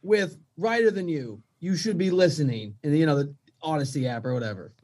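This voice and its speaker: A man with a slightly high voice, chatting as a podcast guest. He tells stories with energy and slips into quick impressions of the people in them. The whole thing is loose, unscripted talk. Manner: lively storyteller, mimics voices in anecdotes. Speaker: guest, sports radio host. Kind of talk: casual podcast chat.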